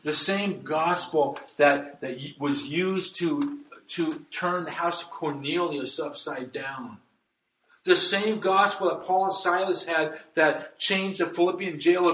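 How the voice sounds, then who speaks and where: Emphatic preaching man, highish voice. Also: slow, fairly bright tone, reverberant, rough recording. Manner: emphatic preaching, reads scripture aloud. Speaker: pastor. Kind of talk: sermon.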